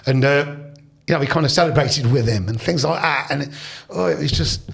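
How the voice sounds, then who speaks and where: A gravelly, husky older man with a Leicester accent, telling stories as a podcast guest. He rambles through anecdotes full of restarts and quoted dialogue in an easygoing, casual chat. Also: a little high, a little fast, a bit bright. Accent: Leicester English. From Leicester, England.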